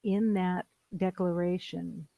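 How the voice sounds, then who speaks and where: Slow, gravelly spiritual teacher. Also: mid-range voice, dry recording, muffled recording. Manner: calm, repetitive, declarative phrasing. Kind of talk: slow meditative spiritual talk.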